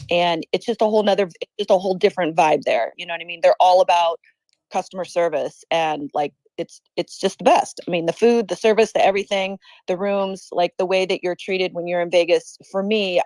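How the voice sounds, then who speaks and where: A woman's voice: on the low side, steady tone, fairly quick, darkish tone, no room sound. A woman speaking as a guest on a casual podcast, chatty and enthusiastic, leaning on fillers like "you know what I mean".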